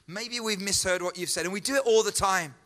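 In an echoey church hall, a pastor with a high, bright and forceful voice delivers a sermon a little quickly. He is earnest, repeating lines and posing rhetorical questions to hammer home his point.

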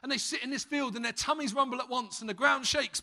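A British man delivers a sermon with a bright, ringing voice that sits high for a man. He tells stories with comic timing and lively energy. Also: quick pace. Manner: humorous, lively storyteller. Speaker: preacher.

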